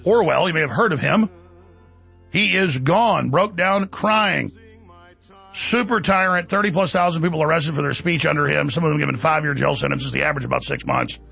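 A man's voice: fairly high pitch, creaky, sharp tone, breathy edge, faint music behind. A middle-aged man hosting a talk show, delivering a heated, mocking political monologue. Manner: fast, heated, mocking rant.

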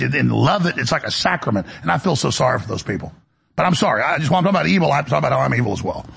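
A middle-aged male radio host with a gravelly, raspy voice, delivering a preachy, impassioned monologue and acting out the voices he quotes. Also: medium pitch, a bit bright.

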